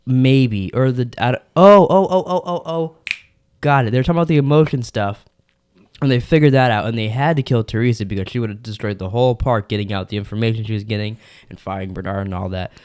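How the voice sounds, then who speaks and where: A man's voice: lowish voice, fast, darkish tone, smooth, no room sound, studio quality. A man hosting a casual podcast chat, rambling and joking with friends. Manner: joking, rambling, does silly voices. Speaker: podcast host.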